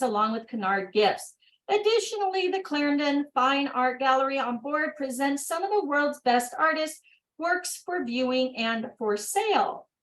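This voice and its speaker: High-voiced woman reading training notes. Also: fairly bright tone, poor audio. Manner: brisk reading broken by upbeat exclamations. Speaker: workshop host. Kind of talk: reading training material aloud with chatty asides.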